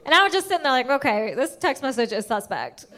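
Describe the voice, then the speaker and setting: A woman's voice: high voice, sing-song, quick pace, a bit bright. A young adult woman performing a stand-up comedy routine, telling a story and acting out the quotes.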